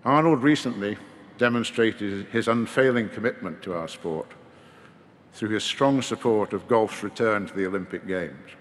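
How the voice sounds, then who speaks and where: A man delivering a formal memorial eulogy in a measured, gently wry manner at a podium microphone. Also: lowish voice. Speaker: eulogy speaker. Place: large hall at a memorial service. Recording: long reverb of a large hall.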